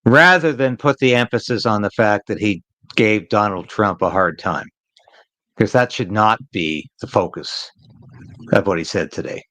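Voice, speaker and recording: A man's voice: fairly low pitch, normal speed, sharp tone, no echo, poor audio. A man hosting a live political commentary stream, talking in an emphatic, opinionated way and repeating phrases to drive a point home.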